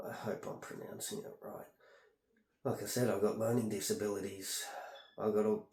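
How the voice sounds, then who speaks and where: A man's voice: on the low side, flat delivery, moderate pace, a little mellow. A man rambling on in a casual, aggrieved monologue while doing a home treatment. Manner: aggrieved, meandering, talks while ear candling. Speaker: vlogger. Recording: echoey room.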